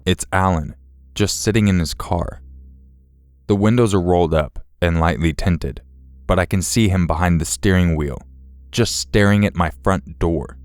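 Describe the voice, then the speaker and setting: Male narrator for scripted horror stories, very deep, smooth and dry, measured delivery. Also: a little mellow, dry recording, faint music behind. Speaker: story narrator.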